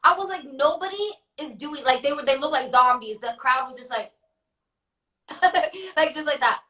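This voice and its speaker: Bright chatty young woman, laughing often. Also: high voice, moderate pace, low-quality recording. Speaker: rapper guest. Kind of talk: casual interview.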